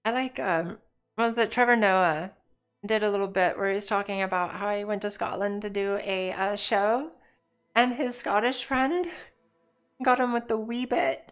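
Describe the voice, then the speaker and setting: A woman's voice: mid-range voice, fairly even intonation, moderate pace, clean tone. A woman chatting casually while she streams a game, rambling and joking as she plays. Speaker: let's play streamer. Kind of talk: casual chat while gaming.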